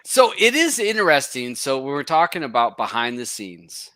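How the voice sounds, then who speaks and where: A man's voice: mid-range voice, big pitch swings, moderate pace, bright, forceful tone, no room sound. A man hosting a casual panel chat, who laughs often and swears freely as he tells stories. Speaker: host.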